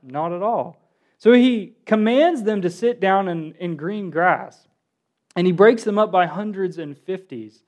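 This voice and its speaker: High-voiced man preaching a lively sermon. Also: unhurried. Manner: animated, asks the congregation questions, acts out quotes.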